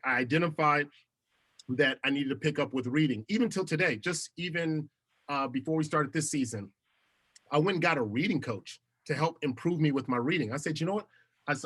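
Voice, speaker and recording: Man, bright forceful voice, somewhat high, animated storyteller, laughs a lot, middle-aged. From United States. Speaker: podcast guest, TV host. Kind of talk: casual interview storytelling.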